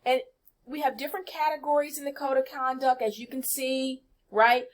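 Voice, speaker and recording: A woman's voice: high-pitched, little pitch movement, moderate pace. Emphatic woman presenting student orientation. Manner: emphatic, chatty, addresses students directly. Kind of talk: screen-share walkthrough lesson.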